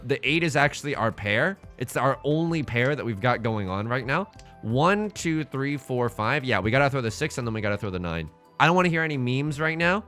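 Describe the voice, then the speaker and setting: A man commentating his own game with a joking, theatrical manner, flipping between mock despair and excitement. His bright, forward voice rises and falls widely. Soft music plays underneath. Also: medium pitch. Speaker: let's play host.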